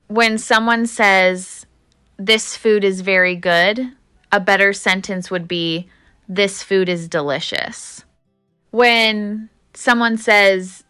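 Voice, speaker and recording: A woman teaching an English lesson in a measured, deliberate way, speaking straight to the viewer. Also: medium pitch, a bit bright, smooth, no echo. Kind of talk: scripted teaching narration.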